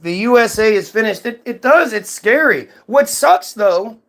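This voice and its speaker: A man's voice: sits high, expressive, normal speed, creaky, fairly bright tone. A man hosting his own channel in a heated, profane commentary rant, firing off rhetorical questions. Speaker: commentary host. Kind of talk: ranting commentary.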